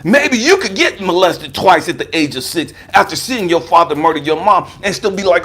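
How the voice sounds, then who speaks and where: Husky, animated American man in his fifties. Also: moderate pace, hardly any pauses. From United States. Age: 50s. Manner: emphatic and profane, swinging from raised outbursts to low murmurs. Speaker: life coach and speaker. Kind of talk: personal testimony talk.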